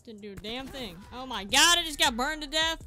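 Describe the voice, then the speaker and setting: A woman hosting a gaming channel, giving casual, excitable commentary over gameplay and mocking her opponents. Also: high voice, fairly quick, faint music behind. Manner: excitable, trash-talking opponents.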